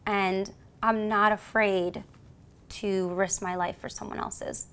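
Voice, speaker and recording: A woman's voice: medium pitch, takes it slowly, clear, resonant tone. A woman from the United States with a New York accent, a police officer telling a story as an interview guest and acting out the voices in it. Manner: acts out voices in her stories, lively and theatrical. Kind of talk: animated storytelling.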